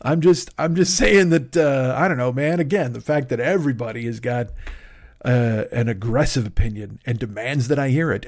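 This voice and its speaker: Speaking briskly in a mid-range, slightly mellow voice, a man rambles through his solo comedy podcast, breaking in on himself with sarcastic asides. He sits at a desk in a home studio, using a studio microphone.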